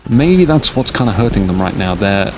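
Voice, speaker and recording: His pitch sits fairly low but swings widely, and his pace is normal. He's a worn-out caster narrating a strategy war game late at night, joking and meandering off topic between calls, with the game's shooting and vehicles audible underneath.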